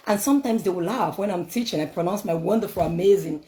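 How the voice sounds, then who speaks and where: A woman's voice: on the low side, fast, mellow, low-quality recording. A woman speaking English as a second language, giving a motivational talk laced with scripture, emphatic and repetitive, full of rhetorical questions. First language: not English.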